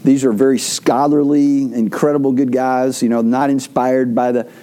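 A pastor with a warm, mellow voice preaches a sermon to his congregation. He tells stories loosely and conversationally, stumbling and restarting often as he goes. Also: medium pitch, flat delivery, normal speed. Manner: rambling storyteller with frequent restarts.

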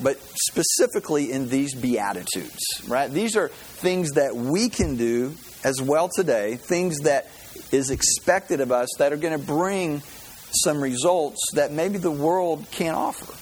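A man's voice: on the high side, slight background noise, rough recording. Folksy man preaching a sermon. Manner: folksy storytelling, halting with fillers and restarts. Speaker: pastor.

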